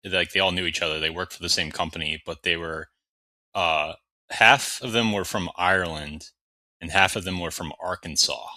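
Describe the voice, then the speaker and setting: A man's voice: low-pitched, moderate pace, sharp tone, no room sound. A man from Maryland, a podcast guest, telling anecdotes in an easygoing way. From Maryland, USA. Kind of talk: casual podcast chat.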